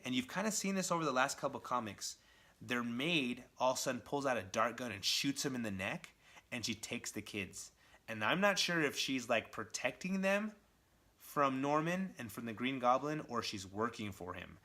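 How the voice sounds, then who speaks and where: Man, comic review vlogger, bright and forward tone, chatty and excitable retelling. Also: medium pitch. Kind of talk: casual comic recap vlog.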